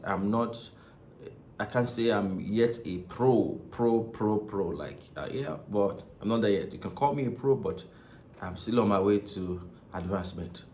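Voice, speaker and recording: Rambling male saxophone teacher, echoey room. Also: fairly low pitch. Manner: rambling, repeats himself, frequent "right?" and "okay?". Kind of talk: casual spoken lesson. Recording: echoey room with faint ambient noise.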